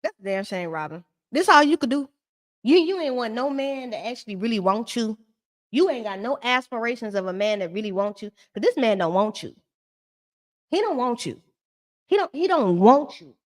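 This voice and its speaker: A woman hosting a live-stream recap of a reality show, talking in a sassy, shady, animated ranting way. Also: on the high side, normal speed. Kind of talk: casual live-stream commentary.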